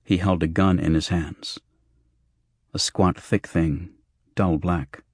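A man narrating an audiobook in a measured, even manner. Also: sits low, no room sound, clean studio sound. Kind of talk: scripted narration.

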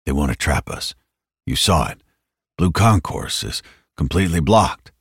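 A man voicing a paranoid, suspicious male colonel with a low, grim delivery in an audiobook. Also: big pitch swings, unhurried, gravelly, husky, no echo, clean studio sound, exaggerated voice.

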